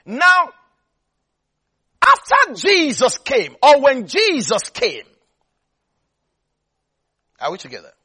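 A man's voice: very high-pitched, wildly swooping pitch, slow, long pauses, bright, forceful tone. A man preaching a sermon, repeating phrases for emphasis and often checking that listeners follow.

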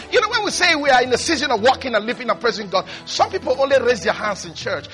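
Fervent preacher, high voice. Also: male voice, expressive, quick pace, hardly any pauses, faint music behind. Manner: fervent, repetitive, rising to shouts. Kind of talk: sermon.

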